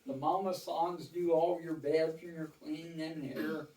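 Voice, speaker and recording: With a slightly high, dark-toned voice, fairly even intonation, and a measured pace, an older man shares rambling, folksy war stories in casual storytelling to a small audience, quoting others extensively. It's a roomy recording made far from the microphone.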